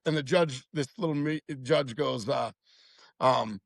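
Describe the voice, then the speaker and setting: A man's voice: fairly high pitch, normal speed, gravelly, no room sound. A man in his fifties telling a story as a podcast guest in a blunt, heated, profane way. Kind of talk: casual storytelling chat.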